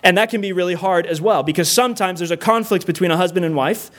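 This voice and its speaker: A man delivers a sermon to a congregation, his voice sitting a little high for a man. He is earnest and emphatic, repeats key phrases for weight, and builds points into lists. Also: fast, fairly bright tone. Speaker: pastor. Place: church room with a congregation.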